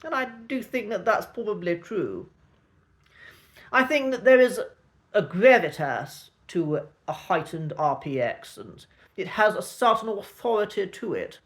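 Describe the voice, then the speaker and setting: A man with a traditional Received Pronunciation accent, teaching a spoken lesson with clipped vowels and an authoritative, measured manner. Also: high voice, fairly bright tone. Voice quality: clipped, cut-glass vowels. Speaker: accent coach.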